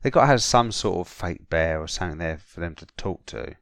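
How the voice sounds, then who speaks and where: A man's voice: low-pitched, animated, brisk, gravelly, dry recording, clean studio sound. A man in his thirties with a South London accent, chatting casually as a podcast co-host and filling gaps with "yeah". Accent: South London English. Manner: chatty, repeats "yeah" a lot, drops into silly put-on voices. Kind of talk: casual chat.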